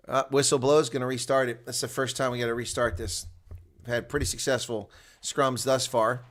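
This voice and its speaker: A man giving solo live play-by-play and color commentary on a rugby match, chatty and excitable, jumping from loud outbursts to muttered asides. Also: medium pitch, normal speed, long pauses.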